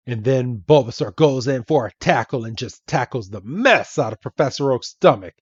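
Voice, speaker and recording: A man's voice: mid-range voice, animated, slightly rough, no echo, highs cut off. A man hosting a podcast, recapping a comic aloud in a chatty way and correcting himself as he goes. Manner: slow, chatty, self-correcting. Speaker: podcast host.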